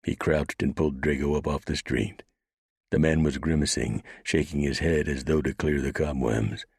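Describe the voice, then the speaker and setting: A man narrating a western audiobook in a steady, measured storytelling voice. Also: a bass voice, husky, dry recording, studio quality.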